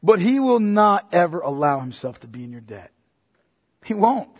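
A man preaching a sermon as pastor, emphatic and repetitive, swinging between loud and hushed delivery. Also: high voice, sing-song, normal speed, long reverb tail.

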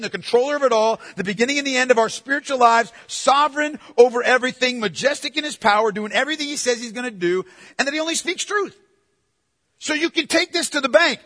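A male pastor preaching a sermon, emphatic and swinging from hushed, drawn-out phrases to loud declarations. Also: extremely high pitch, expressive, in a large hall.

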